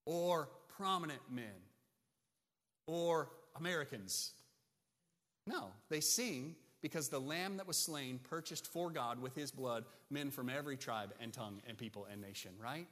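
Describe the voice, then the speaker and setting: A man's voice: medium pitch, lively intonation, measured pace, a bit bright. A male pastor preaching a sermon to his congregation, emphatic and often checking in with "right?". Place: church sanctuary. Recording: long church reverb.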